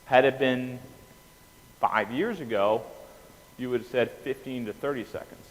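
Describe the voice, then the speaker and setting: A man giving an anesthesia lecture, animated, quizzing the class and often checking in with "okay?". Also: medium pitch, measured pace. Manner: animated, asks the class questions, keeps saying "okay?". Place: lecture room. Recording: reverberant hall with faint noise.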